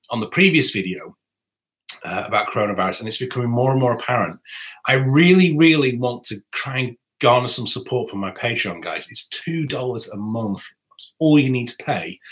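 A man's voice: medium pitch, fairly bright tone. A man hosting a rambling live stream, chatting and answering viewer comments. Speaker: saxophonist and YouTuber host. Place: home music room.

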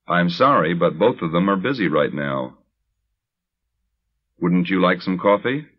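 Deep voiced man reading english drills real slow, old muffled recording. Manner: deliberate, even drill reading. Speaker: language teacher. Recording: dull lo-fi vintage recording.

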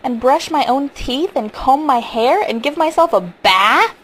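Spoiled, cold-voiced boy, voiced by a woman reader, pitched up a touch. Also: normal speed, creaky, a little mellow, slightly rough, rough recording. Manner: cold and defiant. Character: sullen, spoiled young boy.

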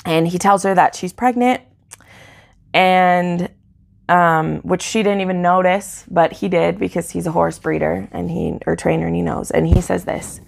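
A woman with a low, heavily gravelly voice talks through a book review on her channel. She rambles and gets emotional, filling her sentences with little hesitations. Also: steady tone, normal speed. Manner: rambling and emotional, heavy on fillers like "like" and "um". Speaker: book YouTuber. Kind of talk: casual book review chat.

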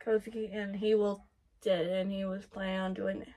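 A woman's voice: mid-range voice, little pitch movement, moderate pace, warm tone. A young woman reacting to an anime episode, gushing and exclaiming often, squealing when she is moved. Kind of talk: excited anime reaction commentary.

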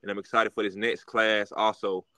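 A man chatting casually on a sports podcast, his voice sitting on the low side. He rambles with plenty of fillers and quickly gets excitable. The recording is dry and close, with no room sound. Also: no room sound, low-quality recording. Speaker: podcast co-host.

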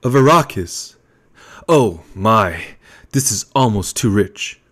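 A man's voice: fairly low pitch, animated, slow, fairly bright tone, full character voice. A man reading an audiobook, voicing a sly male assassin and adviser with a sweet, musical tenor and a mocking manner.

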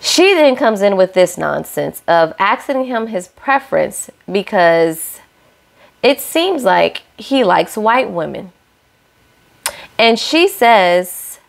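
A woman's voice: medium pitch, big pitch swings, slow, gravelly. A young woman hosting a casual reality-show recap, sassy and opinionated, scolding the cast directly.

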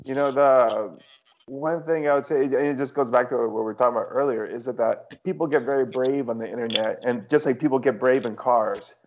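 A man's voice: mid-range voice, fairly quick, a little hiss or hum. A man co-hosting a casual podcast chat, telling stories in a wry, amused way. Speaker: podcast co-host. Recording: slightly dull sound.

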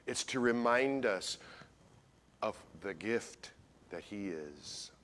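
A man preaching a Christmas sermon as pastor, folksy and animated, talking straight to his congregation and swinging from loud to hushed. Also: on the low side, takes it slowly, a little hiss or hum. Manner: folksy, addresses congregation directly.

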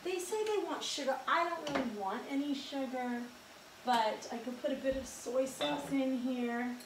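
A woman's voice: high-pitched, moderate pace, distant mic, background noise. A woman in her thirties chatting casually in her home kitchen while she cooks, rambling and joking at her own expense with lots of fillers. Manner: rambling, self-deprecating, chatty with many fillers. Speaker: home cook vlogger. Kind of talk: casual cooking vlog chat. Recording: echoey kitchen with faint ambience.

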